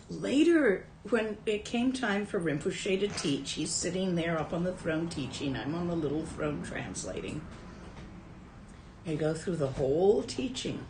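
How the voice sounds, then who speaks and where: A woman's voice: fairly low pitch, a little mellow, roomy sound, a little hiss or hum, poor audio. A woman who teaches Buddhism and translates Tibetan, telling a story from her own life in a dharma talk in a casual, wry way.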